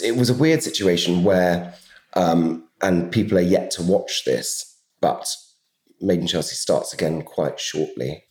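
A chatty man with a low voice, telling anecdotes as a podcast guest. His voice rings with a roomy echo. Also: a little mellow. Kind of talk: casual storytelling.

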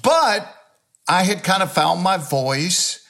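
This interview guest, an older Georgia comedian with a Southern US accent, spins animated, folksy stories that poke fun at himself. His voice sits high, creaky and slow.

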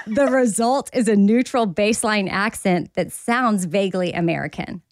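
Chatting casually as a podcast co-host, this thirtysomething mom who also works in live radio speaks at a medium pitch and normal speed, with hardly any pauses. The recording is studio quality with no room sound.

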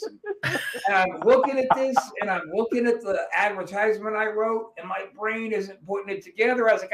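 Male podcast host, high pitch, profane and animated, roomy echo. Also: brisk. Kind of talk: casual podcast chat.

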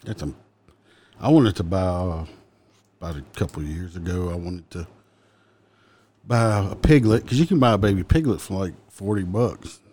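Joking, low-voiced co-host. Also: male voice, normal speed, long pauses, darkish tone, husky. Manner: teasing, joking, laughing often. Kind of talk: casual banter.

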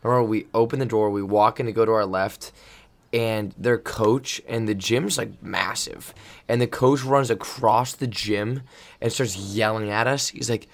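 Gravelly-voiced man telling coaching stories. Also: on the low side, a little slow. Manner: rambling, animated storyteller with many restarts. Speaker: volleyball coach and podcast host. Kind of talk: casual storytelling chat.

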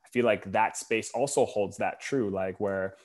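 A young man hosts a podcast in a relaxed, conversational way, telling stories and acting out the quotes with animation. His voice is on the low side and moves at a normal speed.

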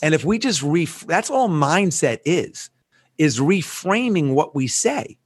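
A man's voice: on the high side, slow pace, breathy edge, dry recording, studio quality. A man telling a story as a podcast guest, acting out the dialogue with animation. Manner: animated storyteller who acts out quoted dialogue.

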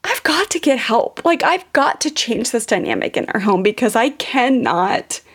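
Gravelly-voiced woman telling a candid parenting story. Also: on the high side, sing-song, normal speed, fairly bright tone. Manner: candid, confessional, frequent "like" fillers. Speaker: parenting podcast host. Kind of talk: personal storytelling to listeners.

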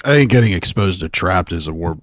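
Man, very deep voice, lively swings in pitch, joking radio co-host, dry sound. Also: brisk, dry recording. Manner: joking, profane, animated. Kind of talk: casual radio chat. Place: radio studio.

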